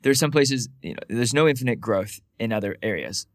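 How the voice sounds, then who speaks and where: A man co-hosting a podcast, telling stories in a casual, animated way, with quick asides and lots of "like". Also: medium pitch, dry recording, clean studio sound. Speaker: podcast co-host.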